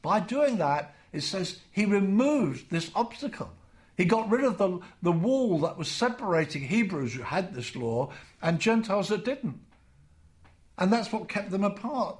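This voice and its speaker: High-voiced earnest preacher. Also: male voice, big pitch swings, unhurried. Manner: earnest, repeats key phrases for emphasis. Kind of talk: sermon.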